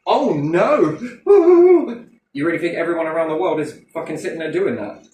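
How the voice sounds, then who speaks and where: A man's voice: a little high, racing. A man in casual chat, rambling, swearing a lot and asking himself rhetorical questions. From Britain. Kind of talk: casual conversational rant. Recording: roomy echo from a distant mic.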